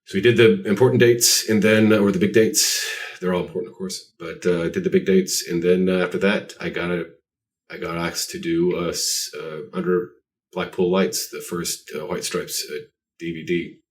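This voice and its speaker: Very deep-voiced guy rambling thru stories, self-deprecating, sitting kinda far from the mic. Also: level tone, moderate pace. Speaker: guest artist. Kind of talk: casual podcast interview. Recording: voice distant from the mic.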